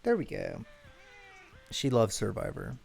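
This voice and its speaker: A man's voice: medium pitch, wildly swooping pitch, unhurried, vocal fry, darkish tone. A man streaming a video game, chatting casually, rambling, correcting himself and swearing now and then. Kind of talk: casual gameplay commentary.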